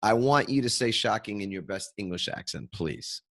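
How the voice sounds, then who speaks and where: A man's voice: fairly low pitch, animated, normal speed, a bit bright. A man hosting a podcast interview, playful and jokey as he asks questions. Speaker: podcast host. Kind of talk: interview conversation.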